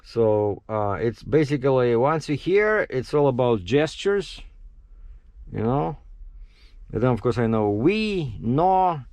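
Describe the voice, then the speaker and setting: A man, a truck driver, chats through a casual vlog in a middle-pitched voice. He acts out his own quotes and laughs at himself as he goes. The sound is dry and close. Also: sing-song, slow, a little mellow, no room sound.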